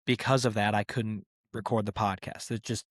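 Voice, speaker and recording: A man's voice: on the low side, moderate pace, no echo, clean studio sound. Crude, rambling male podcast host. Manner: crude, profane and animated. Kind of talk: casual comedic rant.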